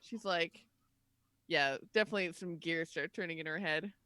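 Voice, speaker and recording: A woman's voice: fairly low pitch, normal speed, bright, forceful tone, clean tone, no echo. A woman player in a tabletop horror game, talking casually with lots of fillers. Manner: casual, filler-heavy talk.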